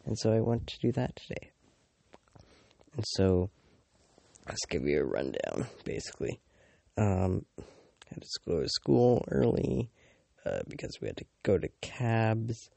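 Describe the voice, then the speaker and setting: A low, gravelly teenage boy rambles through a storytime at an unhurried drawl, his voice dark and dry in the room. He swears a lot, trips over fillers and restarts, and drops mocking asides about everyone he meets. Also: wildly swooping pitch, no echo. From Canada. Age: teens. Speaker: vlogger.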